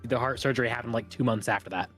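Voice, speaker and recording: A laid-back man with a medium-pitched voice chats and jokes beside the streamer. Faint music plays in the background. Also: rapid-fire, a bit bright. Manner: laid-back, joking, teasing. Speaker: host's spouse and co-host. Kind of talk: casual chat.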